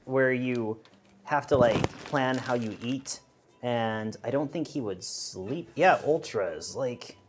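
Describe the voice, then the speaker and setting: A man's voice: mid-range voice, slow pace, noisy background. A man co-hosting a stream, chatting casually and rambling with lots of fillers and restarts. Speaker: stream co-host. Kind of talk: casual chat on a charity stream.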